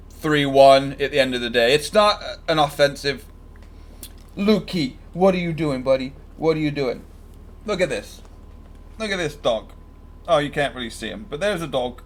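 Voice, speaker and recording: A man's voice: a little high, fairly bright tone. A man chatting casually and joking while commenting live on a football match he is watching for his stream. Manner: chatty, joking, fan-biased predictions.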